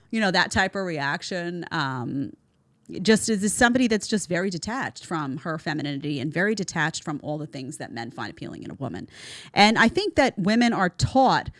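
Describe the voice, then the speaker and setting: Blunt, sarcastic woman host with a low voice. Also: no echo. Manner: blunt, sarcastic, mocks others in mimicking voices. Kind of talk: opinionated commentary on viral clips.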